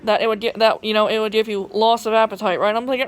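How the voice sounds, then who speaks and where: A woman's voice: fairly high pitch, little pitch movement, fast. A young woman with a Southern US twang, casually telling a personal story to her phone camera, rambling and profane, with lots of fillers and restarts. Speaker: vlogger.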